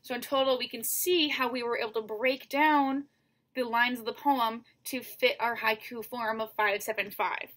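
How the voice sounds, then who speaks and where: A woman's voice: a little high, fairly even intonation, moderate pace, fairly bright tone. A woman teacher giving a recorded lesson, patiently counting syllables one by one and speaking straight to her students. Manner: addresses students directly.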